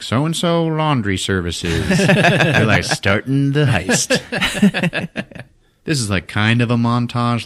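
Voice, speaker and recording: A man hosting a podcast, recapping a movie in a casual comic way, animated, laughing and swearing freely. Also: lowish voice. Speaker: podcast host.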